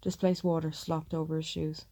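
With a flat, even delivery, a female narrator reads an audiobook at a steady, measured speed. Her voice sits low and sounds very dark and gravelly.

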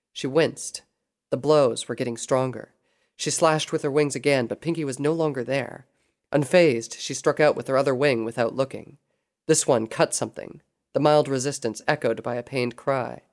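Steady audiobook narrator reading fan fiction. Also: mid-range voice.

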